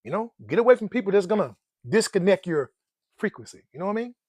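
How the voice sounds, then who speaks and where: Animated, laughing man with a high voice. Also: fast talker, no room sound, studio quality. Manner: laughs often, playful and animated; folksy slang, calls listeners "man" and "dog". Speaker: personal finance vlogger. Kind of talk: casual motivational talk.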